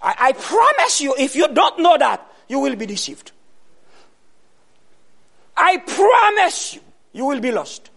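A man preaching a sermon, asking the congregation questions and answering them himself, with loud bursts of emphasis. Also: very high voice, very animated, normal speed, vocal fry, hardly any pauses.

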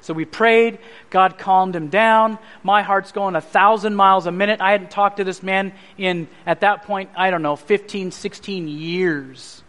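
A man preaching a sermon, telling his personal testimony as an animated story and acting out the voices of others. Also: high voice, unhurried, few pauses.

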